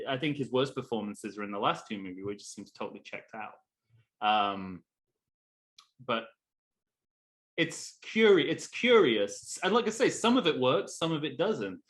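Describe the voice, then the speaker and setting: Podcast guy talking movies, lots of false starts, trails off quiet, mid pitch. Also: lively intonation. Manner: halting, many restarts, trails off quietly. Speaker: podcast co-host. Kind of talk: casual film discussion.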